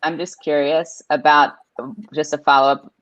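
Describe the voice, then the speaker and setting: A woman's voice: low voice, flat delivery, moderate pace. A woman on a video call, asking curious follow-up questions. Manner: curious, asks follow-ups. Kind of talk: casual video call chat. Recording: dull dry call audio.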